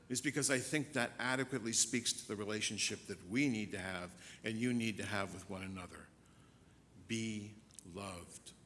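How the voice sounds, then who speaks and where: A man minister preaching a sermon and telling a story, shifting between soft, slow passages and loud, fast ones. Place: church sanctuary. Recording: church hall reverb, faint rumble.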